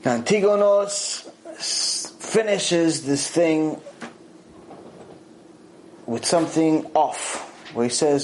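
Man, religious lecture, lively pitch swings, repeats lines for emphasis, faint background noise. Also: takes it slowly, pauses often, low-quality recording. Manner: animated, acts out God's voice in quotes, repeats phrases for emphasis. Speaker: Torah teacher.

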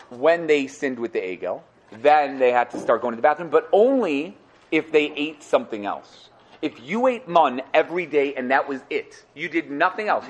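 A man's voice: on the high side, a little hiss or hum. A man teaching a Torah class, explaining sources to students with rhetorical questions and repeated phrases. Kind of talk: lively explanatory class talk.

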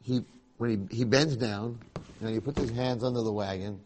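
A man teaching a Torah class, telling a story in a lively, conversational way. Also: medium pitch, normal speed, a little hiss or hum.

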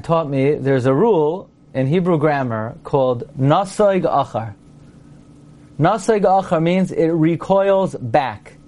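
A man's voice: on the high side, darkish tone. A man teaching a class on prayer and grammar, playful and quizzing, sounding out examples as he explains. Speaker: Torah teacher. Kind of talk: lecture to a class.

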